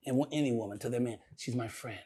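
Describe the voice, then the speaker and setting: An older male comedian telling stories in a casual interview, profane and animated, often laughing. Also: medium pitch, quick pace, slightly rough.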